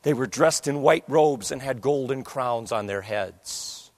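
A man preaching, telling a vivid story that swings from hushed murmurs to loud declamation. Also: medium pitch, unhurried, hardly any pauses. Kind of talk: dramatic sermon storytelling.

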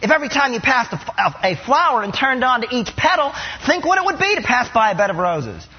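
A man preaching a sermon, acting out bits of inner dialogue with animated delivery. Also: very high-pitched, fairly quick, slightly rough, in a large hall, dull audio. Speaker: pastor.

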